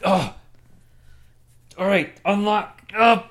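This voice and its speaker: A woman playing a bumbling middle-aged dad, gruff and proud of being manly, in an improv comedy scene. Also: medium pitch, slow pace, close to an everyday voice. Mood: panicked. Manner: gruff, pompous about manliness.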